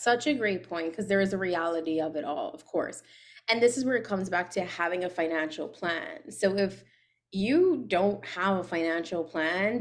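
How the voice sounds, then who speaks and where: A woman guest on a podcast, a personal finance coach giving frank, practical advice in casual interview talk. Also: mid-range voice.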